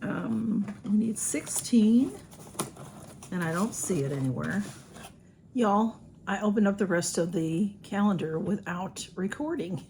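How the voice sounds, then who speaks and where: A woman's voice: medium pitch, measured pace, creaky, warm tone, slight background noise. A woman, chatting casually through an unboxing with lots of ums and restarts. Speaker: vlogger. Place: home room with a ring light.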